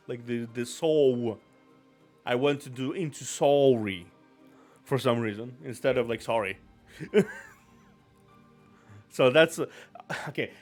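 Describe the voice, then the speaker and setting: A man chatting casually on a live stream, rambling and self-deprecating, apologizing often. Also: medium pitch.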